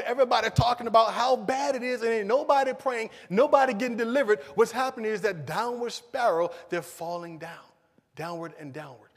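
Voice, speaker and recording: A man preaching a sermon as pastor, with emphatic rises and low, quiet asides. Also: in a large hall.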